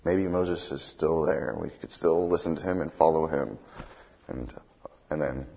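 Very deep-voiced husky male preacher. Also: normal speed, highs cut off. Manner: conversational, checks in with listeners. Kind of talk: bible study teaching.

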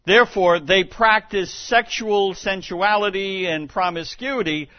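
A man preaching a sermon as pastor, teaching in a measured way with occasional restarts. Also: high-pitched, no room sound, lo-fi sound.

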